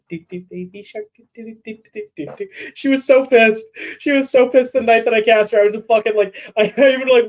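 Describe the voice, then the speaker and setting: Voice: mid-range voice, rough recording. A fan film creator chatting casually on a livestream, rambling and thinking aloud, with frequent swearing.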